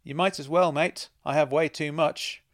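A man's voice: a little high, steady tone, moderate pace, a bit bright, pitched above the performer's own voice, natural voice. A man voicing a playful, self-assured woman who teases and mocks. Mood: teasing. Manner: teasing, knowing, laughs at others.

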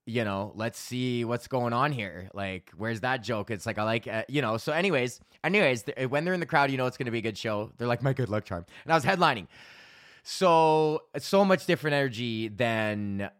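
A man's voice: medium pitch, animated, brisk, a bit bright, dry recording, clean studio sound. A man from Alberta hosting his own podcast, telling a long story in a profane, laughing ramble and acting out both sides of the conversation. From Alberta, Canada. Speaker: podcast host and stand-up comic. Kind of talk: casual solo podcast rant.

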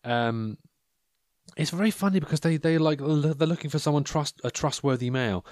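A man's voice: on the high side, moderate pace, a little mellow, no room sound, studio quality. A man hosting a casual monologue, reading out personal ads with wry, rambling commentary into a microphone. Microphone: handheld or desk microphone.

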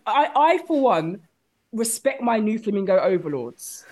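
A woman guest on a comedy podcast, ranting in an animated comic style. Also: mid-range voice, measured pace.

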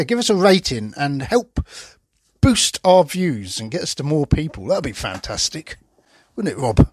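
A high-sitting male voice, captured with studio quality and no room sound. He's a podcast host rambling through casual conversation, peppered with fillers and restarts.

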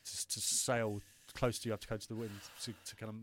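A British man in his thirties recounts a hard stretch of his life as an interview guest. He talks quickly in a lowish voice, restarting sentences and swearing now and then. It comes out emotional and unpolished. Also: level tone, a bit bright, a little hiss or hum. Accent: British English. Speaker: guest, startup founder. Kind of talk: candid interview storytelling.

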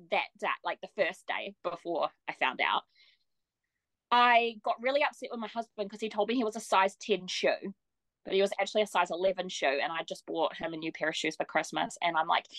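A young woman, a podcast guest telling her story in a lively way, laughing often and acting out what people said. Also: medium pitch, no echo, poor audio. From New Zealand. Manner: lively, laughs often, acts out quoted voices. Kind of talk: casual storytelling.

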